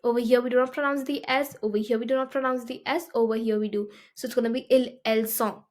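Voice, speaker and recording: A woman with a slightly high voice teaches a beginner French lesson. She explains step by step and keeps checking in with her listeners. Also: steady tone, quick pace, darkish tone. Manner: explanatory, often checks with "okay?".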